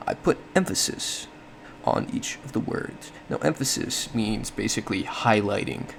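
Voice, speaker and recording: Casual talk from a guy thinking out loud, bit of vocal fry, faint hiss behind. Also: fairly low pitch, unhurried. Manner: thinks aloud with frequent self-corrections and small laughs. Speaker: solo podcast host. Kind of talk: casual explanatory monologue.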